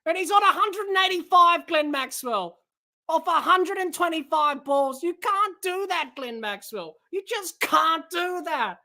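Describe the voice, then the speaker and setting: A hoarse woman, shouting excitably as a podcast host giving live watch-along commentary. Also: extremely high pitch, measured pace. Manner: excitable, shouting on big hits.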